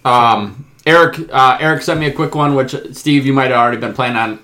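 A man co-hosting a casual podcast, animated and joking, reading out news items. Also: medium pitch. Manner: animated, quick to joke, reads news items aloud. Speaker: podcast co-host.

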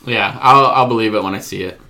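A man co-hosting a casual podcast, animated and joking, reading out news items. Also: fairly low pitch. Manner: animated, quick to joke, reads news items aloud. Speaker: podcast co-host.

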